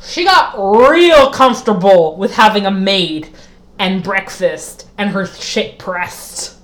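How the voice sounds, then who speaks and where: A woman's voice: medium pitch, animated, slow, fairly bright tone. Blunt, sweary woman co-host. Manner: blunt and playful, swears casually. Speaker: podcast co-host. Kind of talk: casual chat recapping a TV episode.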